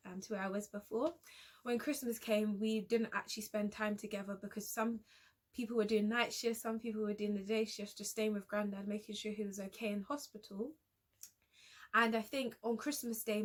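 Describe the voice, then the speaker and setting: A young woman vlogger telling a personal story in a hesitant, halting way, often restarting her sentences. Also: medium pitch. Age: young adult.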